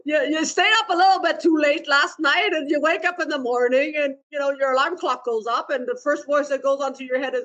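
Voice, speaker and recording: A woman's voice: sits high, fairly quick, hardly any pauses, fairly bright tone, dull audio. A woman giving a dharma talk, playful, laughing often and asking questions of her listeners. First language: Vietnamese. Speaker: meditation teacher and therapist.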